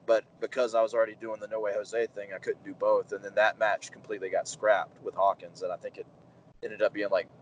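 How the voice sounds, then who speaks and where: Interview guest, man in his 30s, lowish voice, lively storyteller who acts out quotes. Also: a little fast, a little hiss or hum, low-quality recording. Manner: animated anecdotes, acts out quoted dialogue, many fillers. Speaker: pro wrestler, interview guest.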